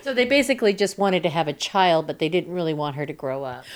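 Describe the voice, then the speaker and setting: A woman's voice: fairly low pitch, fast. A woman hosting a radio arts interview program, asking conversational questions. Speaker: radio host.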